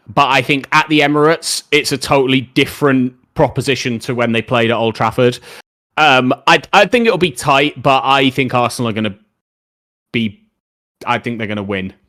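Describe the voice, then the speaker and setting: A man's voice: medium pitch, moderate pace, fairly bright tone. A young man streaming live, chatting casually about football and answering viewer questions in a rambling, opinionated way.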